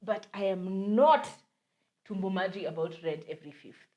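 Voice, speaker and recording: A young woman with a Kenyan accent tells a story on a podcast in a lively, animated way. She slips Swahili slang into her English and keeps the chat casual and personal. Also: mid-range voice, moderate pace, muffled recording. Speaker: podcast co-host.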